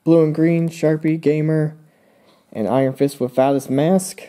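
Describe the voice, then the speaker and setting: A man's voice: a little high, fairly even intonation, a little slow, dark tone, a little hiss or hum. A young man hosting his own channel, casually walking through his old drawings in a rambling way, with fillers and playful asides. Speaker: channel host.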